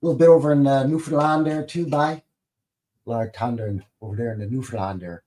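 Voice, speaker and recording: A man's voice: mid-range voice, fairly even intonation, brisk, warm tone. A man hosting a live stream in a casual, rambling way, greeting viewers and reading their comments aloud with light jokes. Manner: jokey and informal, swears lightly. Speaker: livestream host.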